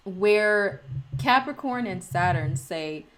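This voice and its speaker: A woman's voice: mid-range voice, lively intonation, slow pace, fairly bright tone. A woman astrologer talking casually and chattily, with slang and frequent laughs.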